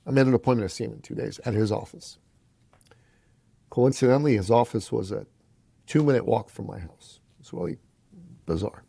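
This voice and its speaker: Gravelly, punchy man telling his story. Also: fairly low pitch, fairly quick, long pauses, mellow, no room sound. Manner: emphatic, punchy, preachy, challenges the listener. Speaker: podcast guest. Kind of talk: motivational storytelling in a podcast interview.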